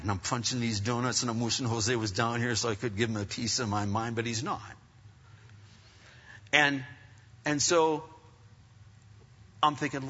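A middle-aged man preaching through a personal story, rambling and animated with many restarts. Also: medium pitch, normal speed, pauses often, breathy edge. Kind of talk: sermon storytelling. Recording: dull, echoey hall sound.

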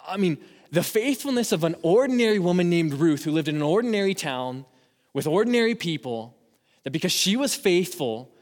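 A man preaches to young people with a fairly high voice, pressing each point hard and building to urgent appeals. His words ring out with a long reverb through a church hall. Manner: emphatic, rising to urgent exhortation. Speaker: youth pastor. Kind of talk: sermon.

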